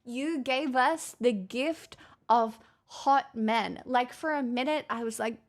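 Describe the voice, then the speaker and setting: Brief: young Australian woman, raspy, gravelly edge, slightly high voice, rambling casual stream talk with swearing. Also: measured pace. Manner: rambling, chatty, swears freely. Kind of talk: casual livestream chat.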